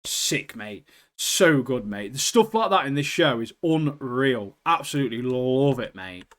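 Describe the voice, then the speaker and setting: A young British man co-hosting a podcast, chatting casually and excitedly, swearing and calling his friend "mate" constantly. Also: mid-range voice, a little slow. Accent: British English. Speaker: podcast co-host. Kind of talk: casual chat.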